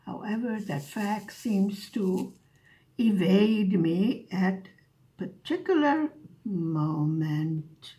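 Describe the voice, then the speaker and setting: A woman's voice: mid-range voice, animated, drawn-out words, dark tone. A woman vlogger telling a story in a dry, sarcastic way as she chats over her craft. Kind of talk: casual storytelling while diamond painting.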